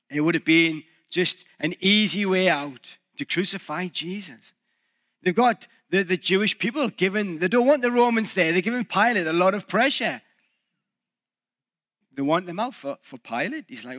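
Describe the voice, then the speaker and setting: A male pastor preaching a reflective sermon, pausing and restarting as he thinks aloud. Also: high voice, animated, fairly bright tone.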